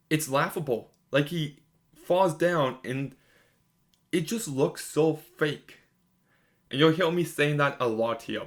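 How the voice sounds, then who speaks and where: A young man giving a casual spoken film review, frank and exasperated, with plenty of "like" and "um" fillers. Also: on the high side. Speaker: movie reviewer.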